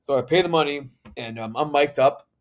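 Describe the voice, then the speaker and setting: A young man co-hosting a podcast, telling a long story in a lively, animated way and putting on other people's voices in the quotes. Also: on the high side, brisk. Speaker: podcast co-host, Macho Man impersonator. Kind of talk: casual storytelling chat.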